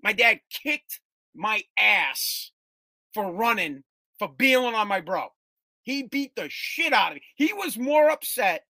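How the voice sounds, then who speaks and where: A man's voice: high-pitched, no room sound. A middle-aged man from Massachusetts telling casual, profane, rambling stories as a podcast host. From Woburn, Massachusetts, US. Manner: rambling, animated, swears freely, restarts often.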